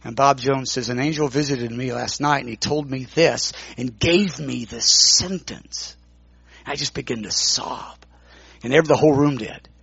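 Guy preaching, telling a story, stops and restarts a lot, raspy voice, dry dull recording. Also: medium pitch, a bit bright, dry recording. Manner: halting, repeats words while recounting dialogue. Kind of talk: sermon storytelling.

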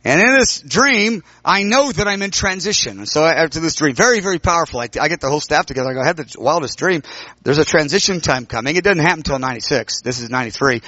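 A bright, fairly high-voiced man preaches in storytelling mode, acting out conversations and jumping into sharp, high exclamations. The sound is dry and a little dull. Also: animated, fast talker, no room sound. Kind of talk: sermon storytelling.

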